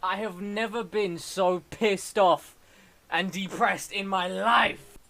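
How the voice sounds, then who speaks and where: A man streaming a video game, talking to it excitably with yelps and groans. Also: sits high, slow pace, creaky.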